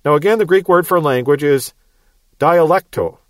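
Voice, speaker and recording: Male bible teacher, midwestern accent, slightly high voice, dry close sound, verse-by-verse explaining. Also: moderate pace, dry recording. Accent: Midwestern American. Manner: explanatory, repeats words, light chuckles.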